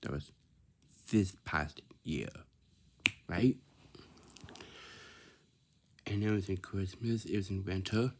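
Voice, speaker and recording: A man telling a rambling casual story, repeating himself and dropping into soft whispers. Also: sits low, measured pace, slight background noise. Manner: repetitive, restarts phrases, drops into soft whispers.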